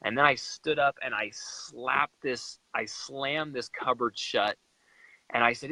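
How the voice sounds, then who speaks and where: Man, young adult, from Utah, guest, personal storytelling, animated, emotional, bright voice. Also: medium pitch, slow, dry recording, rough recording. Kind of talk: personal storytelling in a live chat.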